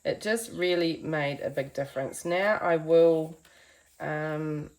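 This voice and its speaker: A woman's voice: deep voice, slow, a little mellow. A woman giving a chatty, encouraging painting tutorial from her home art studio, talking to viewers as friends. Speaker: art teacher.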